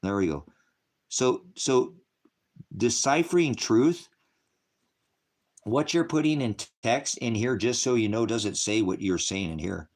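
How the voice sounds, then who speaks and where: A man's voice: mid-range voice, animated, a little slow, pauses often. A man hosting a ministry livestream, angrily and profanely berating commenters in his chat while lecturing on scripture. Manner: angry, profane, combative; heckling and lecturing.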